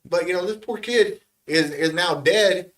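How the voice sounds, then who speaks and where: A man telling a story in casual podcast chat, profane and animated. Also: high voice, unhurried.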